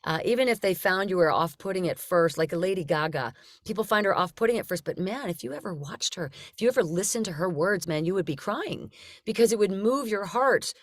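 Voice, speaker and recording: A woman hosting a casual chat, encouraging and quick with affirmations. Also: medium pitch, animated, no room sound, studio quality.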